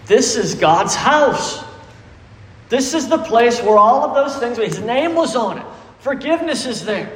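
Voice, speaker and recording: Emphatic high-voiced preacher. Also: male voice, sing-song, unhurried. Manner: preachy and emphatic, asks the congregation questions. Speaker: pastor. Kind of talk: sermon. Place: church sanctuary. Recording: echoey reverberant church hall.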